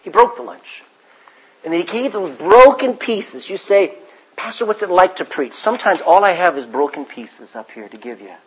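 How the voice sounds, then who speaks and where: Animated high-voiced preacher. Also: male voice, normal speed, breathy edge, highs cut off. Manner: preaching with dramatic swings in volume, from hushed asides to loud acted-out quotes. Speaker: pastor. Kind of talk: sermon.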